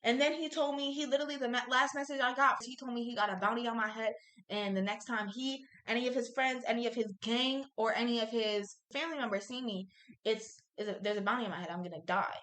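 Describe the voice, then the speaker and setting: A young woman with a high, bright voice tells a story on a podcast, blunt and full of swearing. She is recorded in an echoey room. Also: fairly even intonation, quick pace. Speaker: podcast co-host. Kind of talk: casual storytelling chat.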